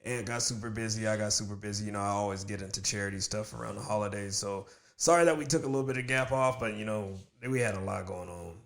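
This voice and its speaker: Raspy-voiced man with a cold. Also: on the low side, fast, hardly any pauses. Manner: hyped, joking, laughs a lot. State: sick. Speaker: podcast co-host. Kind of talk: casual podcast chat.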